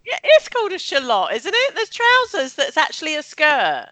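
A woman's voice: high voice, wildly swooping pitch, moderate pace, sharp tone. A woman, a chatty podcast guest who laughs often and uses many fillers, talking over a video call. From West Sussex, England. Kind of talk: casual chat. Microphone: computer mic on a video call.

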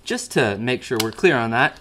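A man's voice: medium pitch, lively intonation, moderate pace, a bit bright, slight background noise. A man hosting a solo podcast from a garage, rambling and self-mocking, with jokes. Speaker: podcast host. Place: garage at home. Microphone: old-fashioned recorder.

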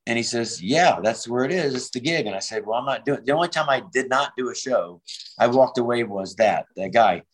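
A man's voice: medium pitch, lively intonation, a little fast, slightly rough, poor audio. A man in his fifties, a comedian telling road stories in a casual interview, acting out the voices he quotes and swearing freely. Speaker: prop comedian, guest.

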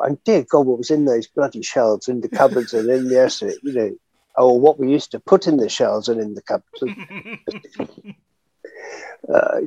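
Older man, husky and animated. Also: mid-range voice, no room sound, rough recording. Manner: chatty, animated storyteller, laughs often, many fillers. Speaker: actor guest. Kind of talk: reminiscing interview.

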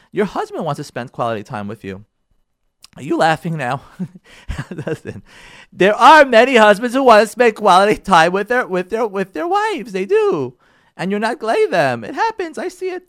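A rabbi giving an informal talk, animated and direct, repeating phrases for emphasis and putting questions to his listeners. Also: sits high, dry recording, studio quality. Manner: addresses the audience with questions.

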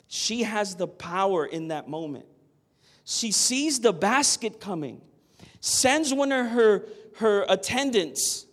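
A man's voice: high voice, expressive, slow, a bit bright. A man preaching a sermon, earnest and emphatic, often asking the listeners "Amen?". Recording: long hall reverb.

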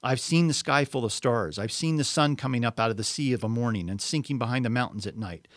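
A man's voice: medium pitch, fast, no room sound, studio quality, natural voice. A man reading a story aloud, voicing a stubborn, gloomy male marsh creature who talks short of breath. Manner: stout, breathless, plain-spoken.

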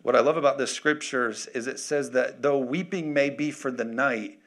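A man in his thirties preaching a sermon as pastor, energetic and full of joking asides. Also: medium pitch, normal speed.

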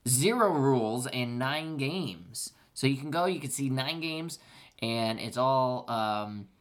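A man co-hosting a comedy podcast, joking and telling stories in an animated way. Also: medium pitch, slow. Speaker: podcast co-host. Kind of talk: casual storytelling chat.

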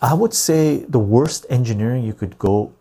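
A man's voice: mid-range voice, moderate pace, dark tone, slightly rough. A man hosting a podcast, chatting casually and reading out viewer comments, rambling and laughing often. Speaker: podcast host.

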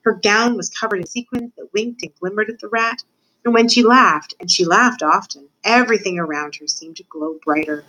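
A woman student reading a children's novel aloud, narrating with expressive voices for the characters. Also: mid-range voice, normal speed, poor audio. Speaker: student reader.

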